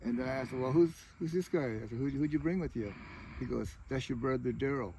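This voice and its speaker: A man's voice: mid-range voice, fast, mellow, slight background noise, low-quality recording. Rambling man telling stories outdoors. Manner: rambling, many "you know" fillers. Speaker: tribal chair candidate. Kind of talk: casual storytelling interview.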